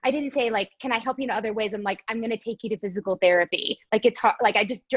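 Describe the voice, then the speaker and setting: A woman's voice: a little high, racing, highs cut off. A woman talking in a casual chat as a guest, telling stories animatedly and acting out what others said. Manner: animated storyteller, quotes others in voices.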